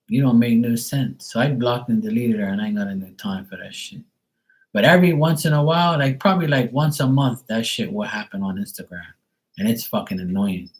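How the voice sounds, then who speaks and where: A man who reads tarot, ranting casually and bluntly on a live stream, swearing freely. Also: mid-range voice. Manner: profane, exasperated, blunt. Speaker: tarot reader.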